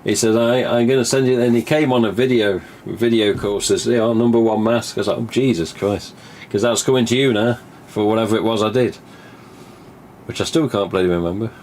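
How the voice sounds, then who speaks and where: Man, live stream host, rambling casual talk, low voice. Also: fairly quick, darkish tone, slight background noise. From England. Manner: chatty, swears casually, acts out remembered dialogue.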